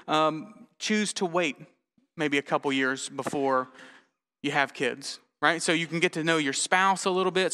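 Bright, clear-voiced pastor preaching. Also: male voice, on the high side, long reverb tail. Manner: conversational, storytelling, self-deprecating humor. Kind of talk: sermon.

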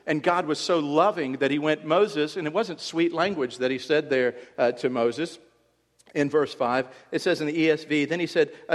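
A male pastor preaching a sermon in a church, swinging from hushed lines to loud cries. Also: on the high side, long reverb tail.

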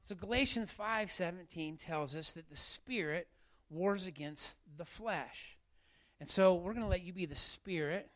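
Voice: medium pitch, measured pace, fairly bright tone. A pastor preaching a live sermon to a church congregation, emphatic and fond of repeating key phrases.

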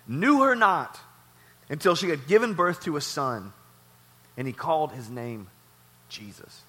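A man pastor delivering a sermon in a warehouse church, repeating phrases and swinging between loud and soft. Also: high voice, breathy edge.

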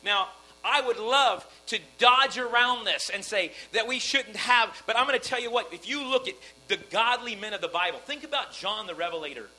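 Guy preaching, high and really bright voice, stumbles and restarts a lot, faint hum behind. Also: lively intonation, moderate pace, low-quality recording. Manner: earnest preaching with frequent restarts. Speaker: pastor. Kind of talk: sermon.

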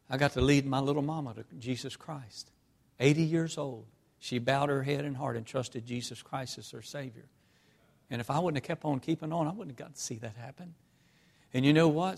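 A man preaching a sermon, telling personal stories with emotion, swinging from hushed tones to loud outbursts. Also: mid-range voice, vocal fry. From North Carolina. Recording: long hall reverb.

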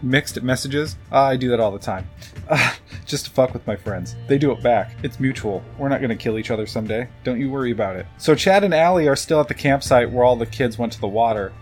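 A man giving a casual, profane movie recap, joking and rambling off on tangents. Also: mid-range voice.

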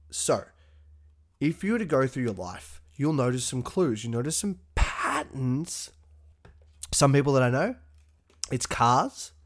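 Profane, punchy podcast host. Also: male voice, medium pitch. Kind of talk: motivational podcast monologue.

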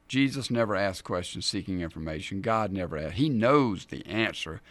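A male pastor preaching a sermon in an animated way, acting out the scripture he reads. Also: fairly low pitch, no room sound. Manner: animated, dramatizes scripture in voices.

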